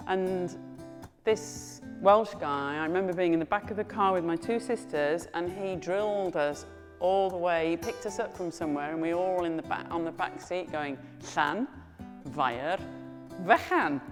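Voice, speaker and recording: A woman who tutors Welsh, saying words slowly and patiently and asking learners to repeat them back. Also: lowish voice, in a large hall, over music. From England. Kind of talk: teaching Welsh pronunciation to learners.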